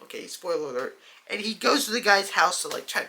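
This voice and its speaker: A woman chatting excitedly in a casual movie review vlog, calling her viewers "dude" and "guys". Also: mid-range voice, brisk.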